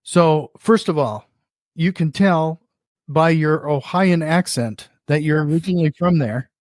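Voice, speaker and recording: A man's voice: on the high side, unhurried, darkish tone, no echo, studio quality. A man hosting an interview, introducing his guest and asking brief, friendly questions. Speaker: podcast host.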